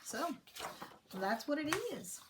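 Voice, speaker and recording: A woman in her thirties, a teacher, casually walking viewers through her planners in a slow, thoughtful way, with many fillers and a sentimental touch. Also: sits high, expressive, background noise. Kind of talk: casual show-and-tell vlog.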